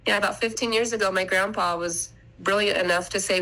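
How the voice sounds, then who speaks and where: A woman's voice: mid-range voice, steady tone, a little fast, sharp tone, poor audio. A middle-aged woman guest on a podcast, telling her family story in an earnest, rambling way and often restarting her sentences. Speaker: podcast guest, mother of three. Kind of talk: casual interview storytelling.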